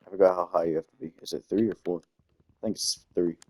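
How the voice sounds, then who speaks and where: Rambling young man, low and dry. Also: fairly even intonation, fast talker, a little mellow, no room sound. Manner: rambling, self-interrupting with game asides. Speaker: gaming storyteller. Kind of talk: casual storytelling over gameplay. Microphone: desktop microphone.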